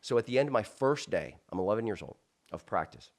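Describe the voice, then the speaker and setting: Low-voiced man telling a story. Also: quick pace. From South Florida, US. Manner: animated, many restarts and asides. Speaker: interview guest. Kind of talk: personal storytelling in an interview.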